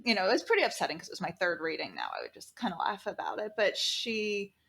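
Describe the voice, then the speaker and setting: A woman guest on a podcast, telling a story in a casual, animated way, acting out the people she quotes and swearing freely. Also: medium pitch, fast talker, creaky, slightly rough.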